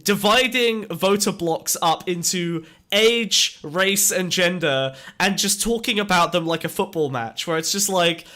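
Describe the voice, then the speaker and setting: A man hosting a podcast, chatting casually with jokey, excitable outbursts. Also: high-pitched, a little slow, hardly any pauses. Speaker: podcast host. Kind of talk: casual chat.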